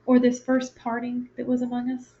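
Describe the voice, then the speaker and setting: A kind, gentle father speaking to his family, read aloud by a woman in a fairly high voice. His lines are tender and earnest. The recording sounds dull and lo-fi. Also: completely flat delivery, moderate pace, natural voice.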